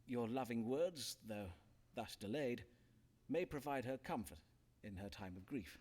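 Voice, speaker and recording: A florid Elizabethan doctor. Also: male voice, mid-range voice, expressive, unhurried, darkish tone. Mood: grave. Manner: florid, archaic, hesitant bedside manner. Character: pompous Elizabethan male physician-astrologer. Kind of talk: video game voice acting.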